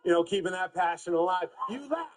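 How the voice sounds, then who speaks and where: A man's voice: sits high, quick pace, poor audio. A man in his forties from Boston, a comedian guest joking through talk-show banter and acting out voices. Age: 40s. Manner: animated, acts out voices, laughs often.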